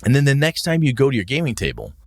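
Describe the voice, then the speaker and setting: A man's voice: medium pitch, huge pitch swings, fast talker. A man co-hosting a podcast, talking in a casual, profane, rambling way and acting out the voices he quotes. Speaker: podcast co-host. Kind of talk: casual chat.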